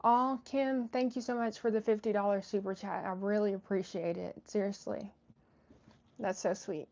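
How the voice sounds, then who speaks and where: A woman's voice: mid-range voice, fairly even intonation, normal speed, a little mellow. Woman host, casual live chat, lots of "um"s, slightly dull lo-fi audio. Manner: chatty, many fillers and restarts. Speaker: livestream host reading chat.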